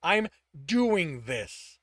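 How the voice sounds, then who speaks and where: A man's voice: fairly high pitch, big pitch swings, extremely slow, no room sound, clean studio sound, pitched above the performer's own voice, exaggerated voice. A man voicing a stubborn, furious young male mage who snaps his words through clenched teeth. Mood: angry.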